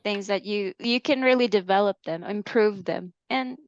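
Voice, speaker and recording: A woman's voice: medium pitch, no echo. A woman interviewing a couple in a casual, encouraging way. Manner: encouraging, quick to agree. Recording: dull, dry sound.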